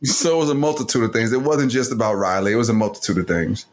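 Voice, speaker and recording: A man's voice: medium pitch, animated, quick pace. A middle-aged man co-hosting a podcast, laid-back and teasing, addressing listeners as "y'all". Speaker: podcast co-host, father. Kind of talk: casual podcast chat.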